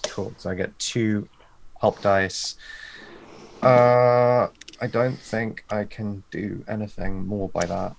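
A man's voice: lowish voice, fairly even intonation, slow pace, vocal fry. A man playing a tabletop role-playing game, narrating his character's actions in third person. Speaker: player.

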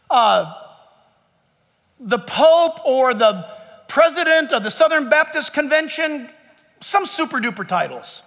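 A man's voice: very high voice, creaky, sharp tone, in a large hall. A male pastor preaching an impassioned sermon to his church, full of emphatic rhetorical questions and jokes. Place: church sanctuary.

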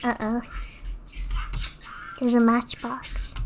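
A woman's voice: on the high side, completely flat delivery, drawn-out words, slight background noise. A woman streaming a video game, chatting, thanking viewers and reading game text aloud. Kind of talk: casual gameplay commentary.

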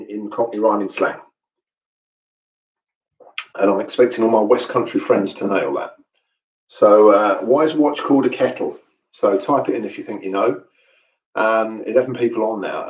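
A man's voice: mid-range voice, darkish tone. A man from London hosting a casual online training session, chatty and jokey with plenty of fillers. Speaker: host and trainer. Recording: echoey room, distant mic, dull sound.

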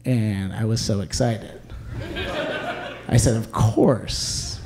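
A young man performing a stand-up comedy set, with a dry, wry delivery and quick asides, recorded live with audience laughter behind him. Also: fairly low pitch, creaky, warm tone.

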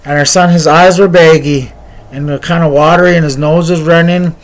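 An earnest man with a somewhat higher voice than most men, telling a personal story in a video. He speaks in encouraging, repeated phrases. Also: steady tone, brisk. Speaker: motivational speaker.

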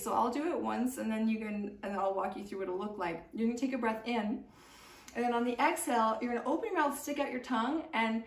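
A young woman leads a yoga class at an even, middle pitch, guiding each breath and stretch in a calm, soothing voice. She is recorded from a little way off the mic, and the room gives her voice a clear echo. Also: fast. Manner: calm, gentle, soothing guidance with light laughs. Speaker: yoga teacher. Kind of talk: guided yoga instruction. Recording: echoey room, mic at a distance.

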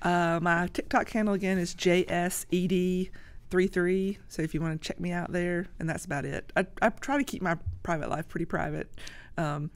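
A woman guest on a podcast, talking in a casual, halting way with many restarts. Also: fairly low pitch, fairly even intonation, dry recording. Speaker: guest, social media creator. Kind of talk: casual interview talk.

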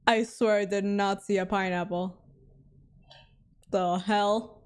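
Female streamer, mid pitch, slow delivery, theatrical scared reactions during gameplay commentary. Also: fairly even intonation, darkish tone, clean tone. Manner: jumpy, dramatic reactions with frequent laughs; talks to chat. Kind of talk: live game commentary.

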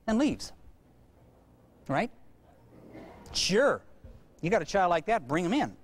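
A man lecturing parents in a humorous, animated way, acting out bits of dialogue between parent and child. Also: sits high, moderate pace, pauses often.

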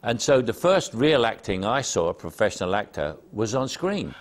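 An older man with a Cockney accent, speaking in a deep, low register. He reminisces in an interview, self-deprecating and anecdotal, telling long stories about his career. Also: big pitch swings, normal speed.

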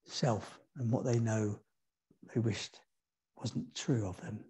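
A man preaching a sermon in a church, moving from quiet, low asides to high, emphatic lines and putting questions to the congregation. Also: fairly even intonation, takes it slowly, husky.

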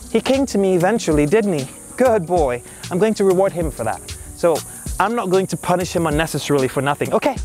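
An upbeat man who trains dogs, speaking outdoors in a park with a slightly high voice. He talks casually, explaining as he goes, with a faint backing of music. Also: darkish tone. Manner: upbeat, talks to the dog in bursts between explanations. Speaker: dog trainer. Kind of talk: casual instructional vlog.

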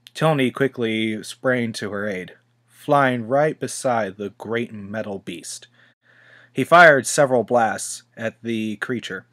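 Slow-reading man narrating a storybook. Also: medium pitch. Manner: unhurried reading with small slips. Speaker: storybook reader.

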